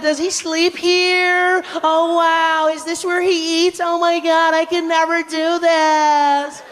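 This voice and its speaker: A man voicing a gushing, clueless group of tourists who talk in a breathless, drawn-out way. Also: very high-pitched, a bit bright, voice pushed up, heavily acted.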